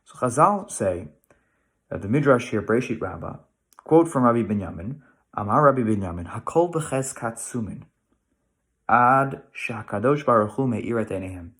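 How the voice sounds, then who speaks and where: A middle-aged American man gives a relaxed Torah lesson straight to his listeners. He talks in a mid-range voice, thinking aloud with restarts and frequent rhetorical questions. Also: medium pitch, moderate pace. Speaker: rabbi teaching weekly Torah lesson. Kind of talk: casual Torah lesson to camera.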